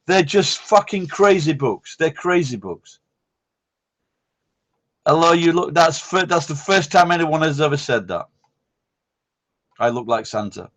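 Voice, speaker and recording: A man's voice: sits high, unhurried, pauses often. A man, hosting a casual live-stream chat, rambling, blunt and swearing constantly. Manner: rambling, blunt and heavily profane.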